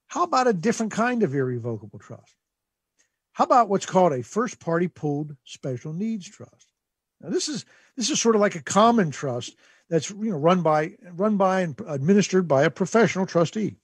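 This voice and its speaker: A man's voice: fairly high pitch, husky, no room sound. A man, hosting a radio show as an estate planning lawyer, explaining things in a folksy, conversational way full of fillers and restarts.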